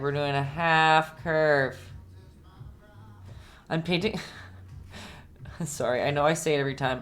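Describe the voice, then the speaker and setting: A young woman with a low voice leads a casual live-streamed painting lesson. She chats easily with her viewers, calls them by name and laughs a lot between steps. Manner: chatty, laughs often, talks to viewers by name. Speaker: painting instructor. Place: home painting setup.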